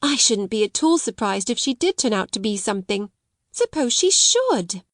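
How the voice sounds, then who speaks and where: A woman reading aloud and voicing an excitable, gossipy young schoolgirl who talks in a breathless rush. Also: a little high, normal speed, dry recording, clean studio sound. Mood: excited gossip.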